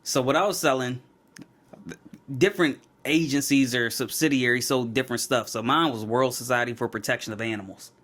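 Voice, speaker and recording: Young man, co-host, casual chat, animated storyteller, laughs often, mid-pitched. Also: fairly quick. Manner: animated storyteller who acts out quoted people, laughs often. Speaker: podcast co-host.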